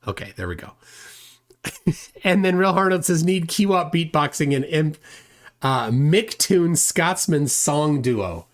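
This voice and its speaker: A man's voice: on the high side, sing-song, measured pace. A man hosting a casual livestream, reading viewer comments aloud and rambling with self-deprecating chuckles. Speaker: livestream host.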